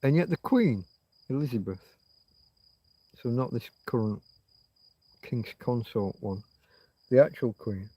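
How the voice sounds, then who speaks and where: A man's voice: mid-range voice, expressive, a little slow, pauses often, mellow, slightly rough. A middle-aged man from Yorkshire with a Yorkshire accent, rambling and musing on a casual livestream chat as its host. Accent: Yorkshire English. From Yorkshire, England. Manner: musing, meandering, drifts between thoughts.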